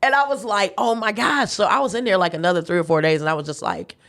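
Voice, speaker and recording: A woman's voice: mid-range voice, animated, fast talker, fairly bright tone. A woman, a guest chef, telling a personal story in a casual interview, laughing often and acting out the voices of the people she quotes. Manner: faith-filled, emphatic retelling.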